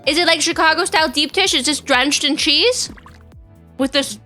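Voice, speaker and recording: A woman's voice: high voice, normal speed, sharp tone, soft background music. A young woman, chatting casually with her viewers on a live stream, bubbly and chatty as she greets people and reads chat. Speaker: VTuber streamer.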